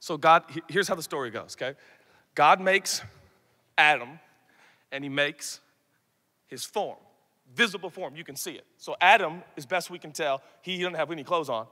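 Animated preacher in a reverberant hall. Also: male voice, fairly high pitch. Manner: animated, shifts from loud shouts to soft asides, acts out quoted voices. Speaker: pastor. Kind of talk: sermon. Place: large conference hall.

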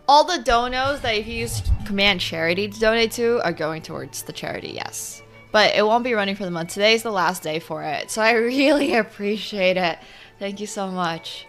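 A woman streaming her online chess games, talking through the moves and swinging from quiet muttering to loud outbursts. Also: mid-range voice. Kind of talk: live commentary while playing online chess.

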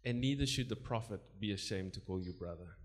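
A man preaching a sermon, moving from quiet asides to loud calls, laughing between points and praying in tongues. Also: on the low side, a little fast. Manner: animated preaching, swinging between soft asides and loud exhortation.

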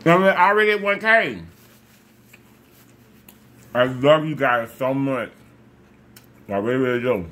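A man with a mid-range, slightly bright voice speaks a little slowly, leaving long pauses. As a mukbang vlogger, he eats while chatting casually with viewers, gushing, repeating phrases, and now and then talking with his mouth full.

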